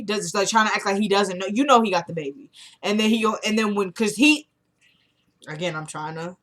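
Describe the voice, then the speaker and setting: A woman's voice: medium pitch, brisk, fairly bright tone. A woman casually recapping a TV drama episode, animatedly acting out the characters' lines as she tells it. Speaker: TV episode reviewer.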